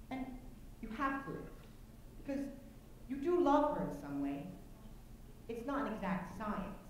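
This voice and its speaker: A woman's voice: mid-range voice, a little mellow, a little hiss or hum, natural voice. A woman playing a wistful, chatty man obsessed with an old cast record, confiding asides to the audience on a school stage. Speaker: stage narrator. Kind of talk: live stage musical acting. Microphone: distant camera mic. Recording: echoey hall from far off.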